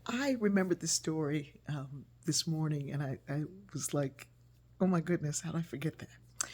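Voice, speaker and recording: A woman author telling a personal story in a casual, animated way, acting out the voices she quotes. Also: low-pitched, husky.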